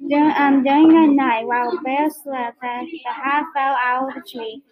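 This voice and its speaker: High-voiced woman reading a story aloud. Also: steady tone, low-quality recording. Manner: halting, with restarts and repeats. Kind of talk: reading a picture book aloud. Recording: crowd heard behind.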